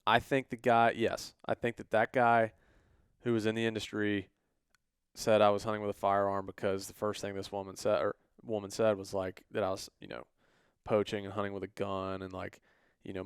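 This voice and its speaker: A man's voice: fairly low pitch, normal speed, clean tone, no room sound, studio quality. A man, co-hosting a podcast, telling a story in a casual way and acting out the people he quotes. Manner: animated, acts out quoted voices. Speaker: podcast co-host.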